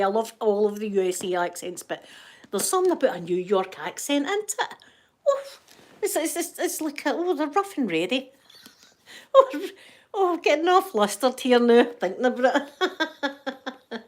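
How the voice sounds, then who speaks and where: Chatty Scottish woman ASMR host. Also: mid-range voice. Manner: chatty, laughs often, talks to viewers in the chat. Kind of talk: casual ASMR chat while knitting.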